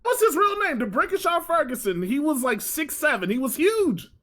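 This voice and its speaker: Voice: high voice, very animated, moderate pace, fairly bright tone. A player casually thinking aloud while planning a game character.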